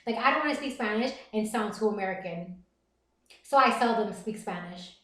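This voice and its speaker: A middle-aged woman with a Puerto Rican Bronx accent, chatting fast and reassuringly as a livestream host reading viewer comments. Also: mid-range voice, animated, fairly bright tone, reverberant. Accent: Puerto Rican Bronx New York. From the Bronx, New York.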